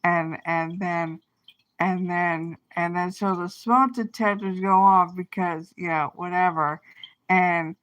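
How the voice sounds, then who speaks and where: A woman's voice: lowish voice, fairly even intonation, takes it slowly, a bit bright. A woman livestreaming an angry, rambling rant full of swearing, trailing off and restarting her thoughts. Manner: profane, rambling, venting with frequent restarts.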